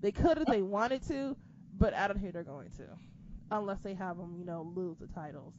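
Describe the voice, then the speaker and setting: A woman's voice: mid-range voice, moderate pace. Woman, casual podcast chat, sarcastic, profane, muffled lo-fi sound. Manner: profane, sarcastic, animated retelling. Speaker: podcast co-host. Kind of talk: casual wrestling recap chat. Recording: dull lo-fi sound with background noise.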